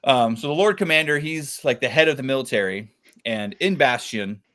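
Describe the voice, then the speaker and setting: A man's voice: medium pitch, expressive, moderate pace, fairly bright tone. A man hosting a casual book club discussion over a video call, chatty, full of fillers and laughing often.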